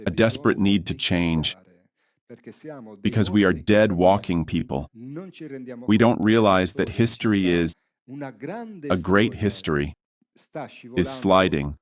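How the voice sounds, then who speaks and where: Indignant Italian man ranting on stage. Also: deep voice. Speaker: conference speaker. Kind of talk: impassioned lecture. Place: theatre with audience.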